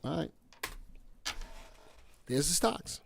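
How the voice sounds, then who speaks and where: A man's voice: on the high side, lively intonation, very slow, creaky, breathy edge. A man hosting a live stock analysis stream, chatty and playful, talking to his viewers by name. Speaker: live stock market show host.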